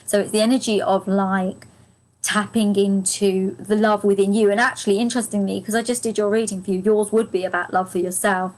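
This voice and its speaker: A woman giving a live angel card reading, chatting and gushing at her viewers and laughing often. Her voice is strained and fading. Her pitch sits in a middling range. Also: steady tone, brisk, a little mellow, poor audio.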